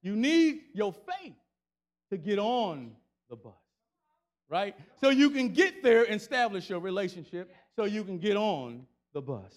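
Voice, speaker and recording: A man preaching a sermon in a colloquial style, repeating phrases rhythmically and rising to shouted climaxes with call-and-response. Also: high voice, big pitch swings, unhurried.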